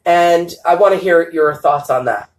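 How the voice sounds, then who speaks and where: A woman's voice: on the low side, a little slow, poor audio. Enthusiastic, affirming woman host. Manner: enthusiastic, affirming, laughs often. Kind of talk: live-streamed interview.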